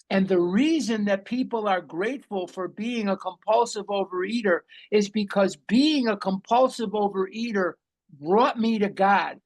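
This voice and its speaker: A man's voice: sits high, normal speed. An older man leading a recovery study group, talking with intense, emphatic repetition. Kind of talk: recovery meeting talk.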